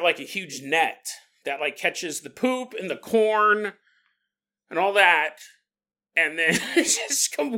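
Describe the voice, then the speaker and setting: A man hosting a podcast, telling a joking story with frequent laughs in a playful, animated way. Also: high voice. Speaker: podcast host. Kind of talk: comedic storytelling monologue.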